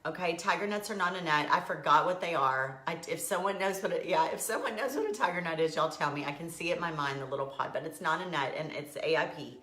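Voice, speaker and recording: A chatty woman with a drawl talks casually to her live viewers, jumping between laughter and tears. Her voice is low-pitched yet bright and forceful. The sound bounces around an echoey room. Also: fast, hardly any pauses. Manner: chatty, emotional, laughing and teary by turns. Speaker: live video host.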